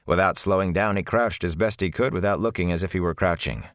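A man narrating a fantasy novel in a measured, deliberate storytelling manner, recorded on a close mic. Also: deep voice, fairly bright tone, dry recording. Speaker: audiobook narrator.

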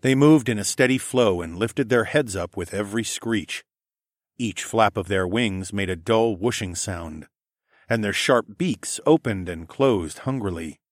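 A man narrating a first-person adventure novel in a steady storytelling read, lifting his energy for the dialogue. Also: on the low side, measured pace, no room sound, studio quality. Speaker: audiobook narrator.

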